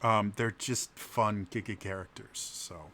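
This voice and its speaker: A man's voice: on the low side, fairly even intonation, unhurried, sharp tone. A man who runs tabletop games, casually answering questions and talking with a heavy stutter. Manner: heavy stutter, repeated sounds. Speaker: game master.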